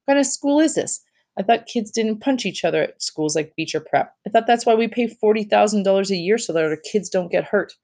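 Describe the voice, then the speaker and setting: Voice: medium pitch, animated, a little mellow, voice pushed up, lightly acted. A reader voicing an outraged, indignant mother who fires off angry questions in a storybook. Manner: indignant, rapid rhetorical questions. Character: outraged upset wealthy mother, shrill.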